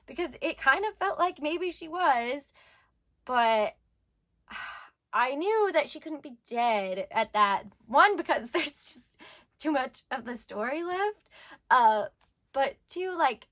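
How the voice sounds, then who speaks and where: A woman's voice: fairly high pitch, a bit bright. A young woman reviewing a manga in casual chat, rambling with lots of filler words and getting emotional.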